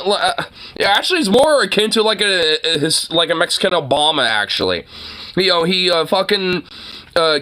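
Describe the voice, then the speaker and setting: Forceful, fast-rambling ranting man. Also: a little high. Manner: rambling, heavy filler words, frequent mocking laughter. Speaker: online commentator. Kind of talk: profane political rant.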